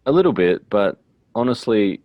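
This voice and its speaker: An Australian man hosting a relaxed English-learning chat, laughing easily and filling pauses with ums. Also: fairly low pitch, no room sound, highs cut off. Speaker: English teacher and channel host. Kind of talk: casual conversational interview.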